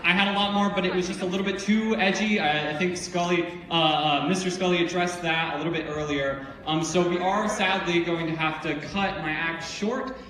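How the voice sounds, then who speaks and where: A man wrapping up a stand-up set, halting and full of um and uh, with a high voice. He is heard from far off in a very echoey room with noise behind him. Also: fairly even intonation. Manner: hesitant, full of fillers and restarts.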